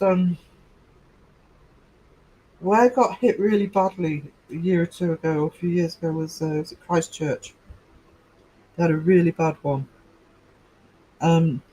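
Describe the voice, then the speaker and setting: A man's voice: on the high side, darkish tone, low-quality recording. A middle-aged man hosting a casual livestream, rambling chattily through stories and replies to his chat. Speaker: livestream host.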